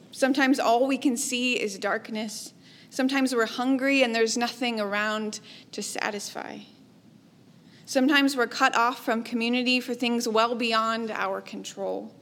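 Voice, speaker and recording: A woman preaching a sermon in a measured, reflective way, letting her phrases trail off softly. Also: a little high. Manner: slow, measured, reflective delivery with soft trailing endings.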